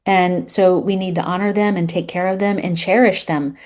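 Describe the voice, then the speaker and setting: A woman author being interviewed on a casual podcast. Her voice is mellow and relaxed, and she tells animated stories, acting out small scenes as she goes. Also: on the low side, moderate pace. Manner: animated storyteller, acts out little scenes. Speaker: guest, women's health author.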